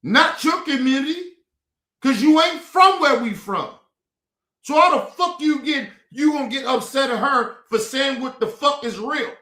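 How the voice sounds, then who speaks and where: A man's voice: very high voice, animated, unhurried, sharp tone. Indignant, swearing man in echoey room. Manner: indignant, blunt, heavy swearing. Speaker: streamer reacting to clips. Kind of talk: casual profane commentary. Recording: roomy echo.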